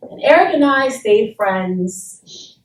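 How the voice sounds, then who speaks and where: A woman's voice: on the high side, lively intonation, slow. Blunt woman telling her story in a roomy classroom. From Saint Thomas, US Virgin Islands. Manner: blunt and emphatic, swears freely. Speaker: guest speaker. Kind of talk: personal story told to a class. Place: university classroom. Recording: roomy and distant, faint background noise.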